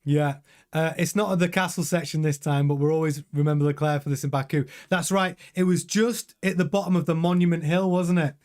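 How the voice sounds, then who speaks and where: A man's voice: fairly high pitch, fairly quick. Chatty man hosting a live watch-along. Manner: chatty and excitable, answering viewers' chat. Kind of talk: casual live race commentary.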